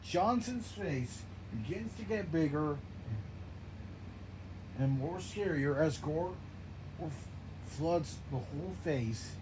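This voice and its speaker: Excitable man narrating a game. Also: fairly high pitch, slow pace, pauses often. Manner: excitable, stumbling, restarting phrases. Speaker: gameplay narrator. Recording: noisy background.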